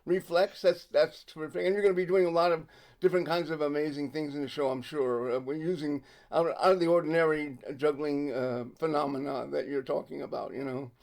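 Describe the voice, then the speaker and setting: A man hosting an interview over a video call, enthusiastic and quick to affirm and laugh. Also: a little high, steady tone, gravelly, darkish tone. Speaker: interviewer, host. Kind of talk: casual interview chat.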